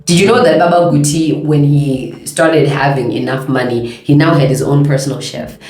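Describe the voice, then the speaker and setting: A woman's voice: low-pitched, steady tone, normal speed, darkish tone. A young woman, chatting playfully and laughing easily in a casual talk. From South Africa. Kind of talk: casual chat. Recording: echoey room with faint music.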